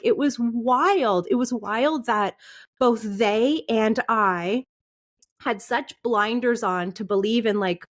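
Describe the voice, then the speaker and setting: A woman in her thirties, a podcast guest, candidly recounting a painful personal experience, often laughing through it and restarting her sentences. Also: on the high side.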